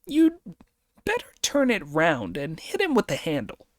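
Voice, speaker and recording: A man's voice: on the high side, huge pitch swings, measured pace, no room sound, studio quality, pitched above the performer's own voice. A man playing a brash, bossy monkey hero. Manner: bossy, commanding. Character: brash quick-tempered male monkey hero.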